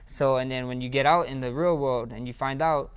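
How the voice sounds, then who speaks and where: A young man with a mid-range voice tells stories from his past in a casual interview. He talks loosely, repeats his words and trips over his phrasing, and he often jumps up in pitch and volume when he gets excited. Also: a little fast, clear, resonant tone. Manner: rambling, repeats words, grows excited and loud. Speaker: interview guest, fighter.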